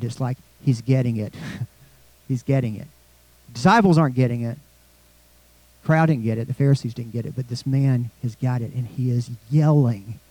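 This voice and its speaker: Man preaching, mellow and dry. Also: mid-range voice, no echo, poor audio. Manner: conversational preaching, asks the congregation questions. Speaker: pastor. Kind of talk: sermon.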